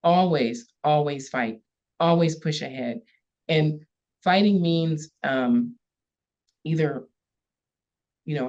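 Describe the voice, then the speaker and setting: In a low voice with a darkish tone, a woman police chief tells a story during a podcast interview. She's earnest and emphatic, leans on repeated key words, and gets emotional; the audio is slightly dull and lo-fi.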